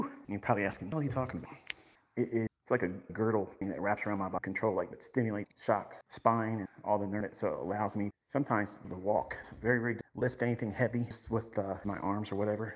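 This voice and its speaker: A man's voice: fairly low pitch, husky. A man in his fifties giving a rambling, boastful house tour on a livestream, laughing often, his voice strained by back pain. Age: 50s. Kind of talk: casual livestream walkthrough.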